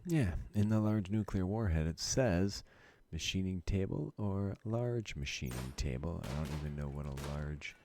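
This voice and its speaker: A man's voice: low-pitched, animated, normal speed, hardly any pauses, dark tone, a little hiss or hum. A man from Wisconsin giving casual gameplay commentary, thinking aloud and chuckling often. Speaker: let's play gamer.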